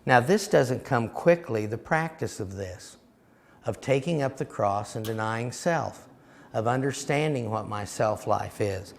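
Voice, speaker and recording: A man's voice: mid-range voice, animated, measured pace, gravelly. A man teaching a sermon seminar, telling stories and speaking in an emphatic, direct way. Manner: recounts dialogue, emphatic and direct. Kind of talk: storytelling sermon.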